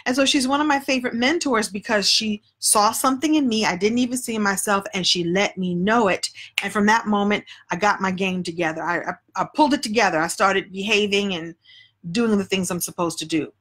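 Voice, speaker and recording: A woman's voice: medium pitch, fairly quick, fairly bright tone. A woman coach talking casually on a phone live stream, a chatty, playful storyteller. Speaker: speaking coach.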